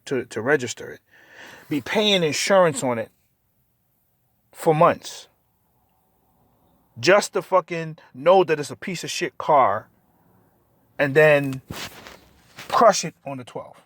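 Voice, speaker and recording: Agitated cursing man, fairly high voice. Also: animated, takes it slowly, pauses often. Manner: agitated, cursing, repeats words. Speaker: vlogger. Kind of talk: profane storytelling rant.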